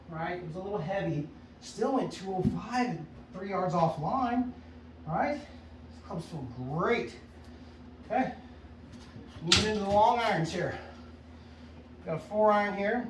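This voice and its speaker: A man's voice: sits high, echoey room, far from the mic, a little hiss or hum, rough recording. A man, a golf instructor, coaching casually and upbeat at a driving range, often checking in with "right?". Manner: upbeat, chatty, self-coaching with frequent "right?".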